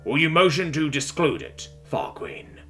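A man's voice: a little high, huge pitch swings, measured pace, sharp tone, soft background music, exaggerated voice. A man voicing a formal alien tribunal judge. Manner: formal, proclaiming.

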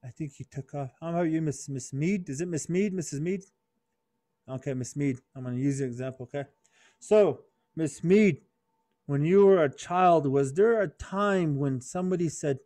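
A man telling a moral story to children at a youth conference, animated, and calling on listeners by name. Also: sits high, moderate pace.

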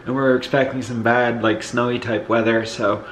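A mid-range male voice at a moderate pace comes through a rough recording with slight background noise. The man, who has a Northeastern US accent, walks from room to room in his house for a casual vlog, sounding tired and rambling with fillers. Occasional coughs reveal congested lungs.

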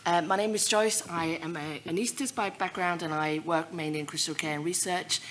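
A woman's voice: fairly low pitch, fairly even intonation, a little fast, a bit bright, slight background noise. A woman anesthetist chairing a conference session, introducing speakers with hesitant fillers.

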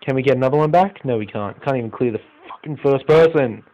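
An excitable young Australian man doing live commentary over a football manager game. His voice sits at an ordinary pitch, drops to grumbling mutters, then bursts into loud, swearing outcries. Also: quick pace, lo-fi sound. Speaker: gaming YouTuber.

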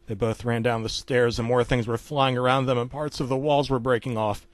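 A man's voice: mid-range voice, fairly even intonation, brisk, no room sound. A man narrating a creepypasta story in a casual storytelling manner. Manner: casual storytelling, dropping to a hush for gory parts.

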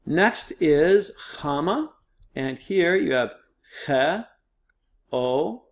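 Male teacher, middle-aged, casual walkthrough tone, slightly high voice, plenty of ums. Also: animated, normal speed. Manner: casual, patient, explains step by step with fillers. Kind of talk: recorded online lesson, screen walkthrough.

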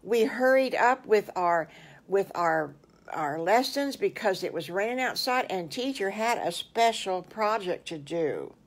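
Give me a grandmother playing three excited little piglet boys who repeat themselves and trip over their words. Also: medium pitch, unhurried.

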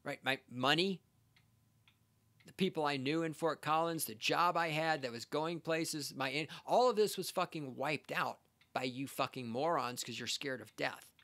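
A man's voice: fairly high pitch, normal speed, fairly bright tone. A man hosting a podcast, delivering a scornful, sarcastic rant as he reacts to a text he reads aloud. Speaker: podcast host. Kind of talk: ranting commentary reacting to a read-out text.

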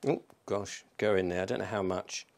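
Chatty self-mocking English man, low voice. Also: fairly even intonation, moderate pace, darkish tone. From England. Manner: self-deprecating, chatty, thinking aloud. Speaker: vlogger. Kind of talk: casual cooking vlog. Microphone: microphone in a room.

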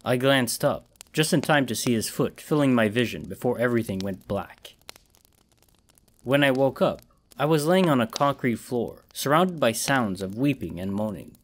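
Man, horror audiobook narrator, measured, first-person storytelling. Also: mid-range voice, expressive.

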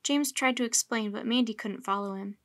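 A woman reading a children's book aloud in a steady, clear storytelling manner. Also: fairly high pitch, brisk.

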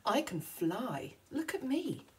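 A woman voicing a boastful male kookaburra in a read-aloud picture book, loud and showy. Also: a little high, big pitch swings, takes it slowly, husky, recorded from a distance, heavily acted.

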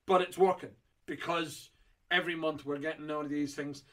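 A man's voice: a little high, steady tone, moderate pace, fairly bright tone. A middle-aged man hosting a whiskey auction preview, rambling casually with lots of fillers and restarts. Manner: rambling and chatty with many fillers.

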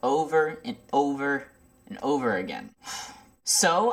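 A man's voice: medium pitch, sing-song, slow, pauses often, a bit bright, recorded from a distance, slight background noise. A man giving a comic, flustered birthday message to a friend. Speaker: vlogger sending a birthday message.

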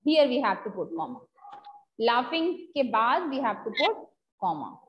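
A woman teacher with an Indian English accent, giving an online grammar class and dictating example sentences slowly, mixing in short Hindi asides. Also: fairly high pitch, big pitch swings, slight background noise. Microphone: video call. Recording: slightly dull lo-fi video call audio.

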